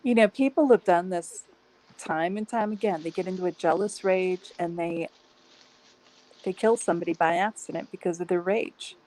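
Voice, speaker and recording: A tired woman talking late at night in a casual group chat, with a slight lisp from a dental retainer and a chatty, animated way of retelling things. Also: on the low side, normal speed, rough recording. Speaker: chat participant.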